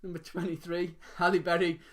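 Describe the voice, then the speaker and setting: A man's voice: high voice, little pitch movement. A man hosting a casual live quiz from his home dining room, reading out answers and chatting between them. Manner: reads answers briskly, chats and laughs between. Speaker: quiz host.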